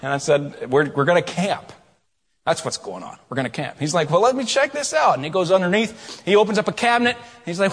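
A middle-aged man preaching a sermon, telling a story with quiet asides and loud, rising questions. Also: sits high, lively intonation, fairly quick, slightly rough. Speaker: pastor. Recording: long hall reverb.

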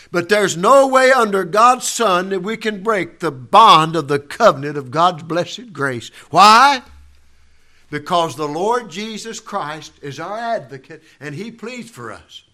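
Fervent preacher, high bright voice. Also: male voice, expressive, unhurried. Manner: fervent, builds to shouting. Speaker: pastor. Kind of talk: sermon.

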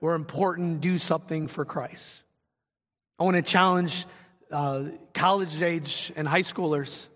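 A man's voice: fairly high pitch, steady tone, a little slow, fairly bright tone, in a large hall. A man preaching a sermon as pastor, earnest and conversational, building to passionate emphasis.

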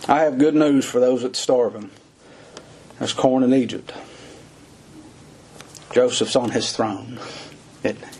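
A man's voice: mid-range voice, takes it slowly, long pauses, a little mellow, breathy edge. A middle-aged man preaching a sermon in a folksy, dramatic way that rises into urgent cries.

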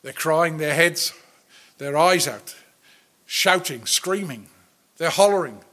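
A man preaching a sermon, earnest and deliberate, rising to loud declarations and then dropping to a near hush. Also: on the high side. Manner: slow, earnest preaching that swells loud then drops very soft.

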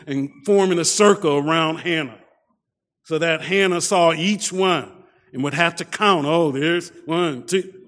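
A man preaching a sermon, often repeating his first words and dropping to a soft voice for emphasis. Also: on the high side, big-room sound. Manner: repeats words at starts, soft dramatic drops.

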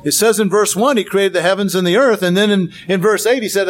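A man's voice: high voice, fast talker, hardly any pauses. A man giving a Bible lecture with slides, earnest, asking rhetorical questions and repeating words for emphasis. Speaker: Bible teacher.

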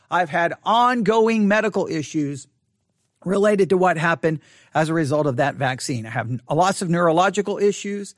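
Earnest man with a high voice, dry sound. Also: dry recording. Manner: earnest, halting, repeats words. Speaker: online Bible teacher. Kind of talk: personal monologue to an online audience. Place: empty church sanctuary.

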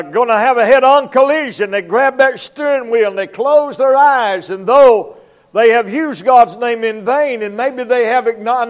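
High-voiced evangelist preaching. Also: male voice. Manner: emphatic preaching, acts out voices and barking dog. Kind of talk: revival sermon. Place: church.

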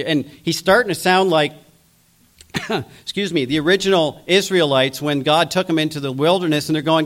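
A man's voice: fairly high pitch, moderate pace, fairly bright tone. A man preaching a sermon, acting out biblical figures' voices as he goes. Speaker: pastor.

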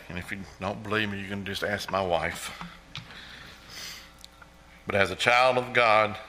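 A man's voice: lowish voice, sharp tone, rough recording. A middle-aged man giving an earnest testimony in church, repeating praise often. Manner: earnest, repetitive, exclaims praise. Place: church sanctuary.

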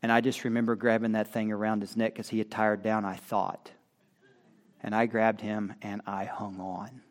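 A man preaching a sermon as pastor, reading scripture and rising to loud, impassioned cries. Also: on the low side, flat delivery. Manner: slow, building to loud impassioned cries when quoting scripture.

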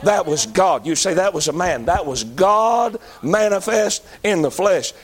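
A man's voice: high voice, lively intonation, unhurried. A man preaching a sermon in a folksy, emphatic manner.

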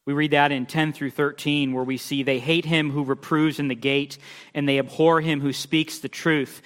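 A man preaching a sermon, emphatic, swinging between loud declarations and quiet asides as he reads scripture aloud. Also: a little high, flat delivery, moderate pace, clean tone. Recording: long hall reverb.

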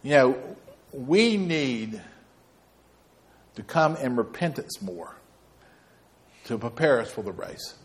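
A man's voice: medium pitch, sing-song, slow pace, long pauses. A man preaching a sermon as pastor, folksy and rambling, with storytelling asides.

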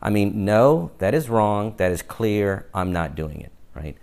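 Very low-voiced man preaching conversationally. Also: sing-song, a little slow, darkish tone, clean tone. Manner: conversational, often adds "right?" to each point; acts out little quoted exchanges in passing. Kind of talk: sermon.

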